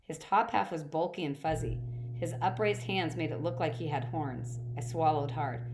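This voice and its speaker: Woman, story reader, first-person narration, low voice, occasional restarts. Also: moderate pace, background noise. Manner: steady reading with occasional slips and restarts. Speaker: audiobook reader.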